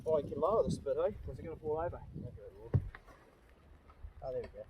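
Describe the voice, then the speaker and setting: A man's voice: fairly high pitch, animated, quick pace, dull audio, background noise. A man with a New Zealand accent, chatting casually and jokily as host of his home vlog. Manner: easygoing, jokey, matey slang. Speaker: channel host.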